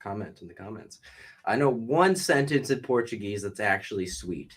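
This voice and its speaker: Speaking at a moderate pace, the young podcast host has a voice on the low side with a breathy edge. He's from the Boston area of New England and is in a casual chat interview, joking, rambling and swearing freely with his guest.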